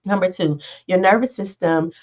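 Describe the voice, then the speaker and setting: A life coach hosting a podcast gives a casual motivational monologue in a fairly low voice at normal speed. Her manner is conversational, with frequent check-ins of "right?" and "all right".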